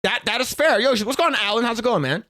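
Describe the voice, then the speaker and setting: A man's voice: very high-pitched, expressive, quick pace, pushed and bright. A young man streaming, giving casual reaction commentary in a profane, rambling way with many restarts.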